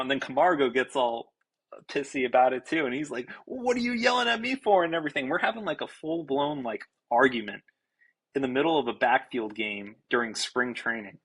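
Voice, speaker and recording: Husky young man telling a fiery story. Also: mid-range voice, rough recording. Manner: animated, self-described fiery, swears freely, many restarts. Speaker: podcast guest, baseball pitcher. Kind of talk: casual podcast storytelling.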